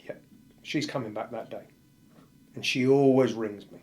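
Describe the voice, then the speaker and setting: A man's voice: medium pitch, steady tone, moderate pace, darkish tone. A male firefighter, a podcast guest, telling a painful personal story bluntly and vividly, acting out what people said. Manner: blunt, vivid retelling that acts out the dialogue.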